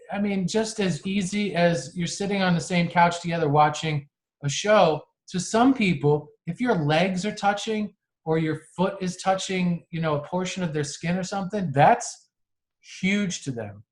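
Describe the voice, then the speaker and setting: A man's voice: high-pitched, unhurried. A man co-hosting a podcast, talking earnestly in casual chat and often restarting his sentences. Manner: earnest, frequent restarts and laughs. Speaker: podcast co-host.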